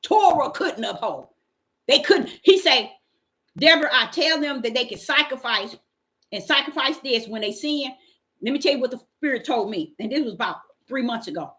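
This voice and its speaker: A woman preaches an informal, fervent street-style sermon, reading Bible verses aloud and trading call-and-response exclamations. Her high-pitched voice is fairly bright with lively intonation at a normal speed.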